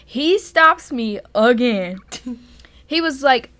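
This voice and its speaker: Podcast co-host, young woman, bright and dry-sounding voice, casual profane storyteller. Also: sits high, lively intonation, slow pace, no room sound. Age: young adult. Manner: profane, exasperated storytelling with frequent laughs.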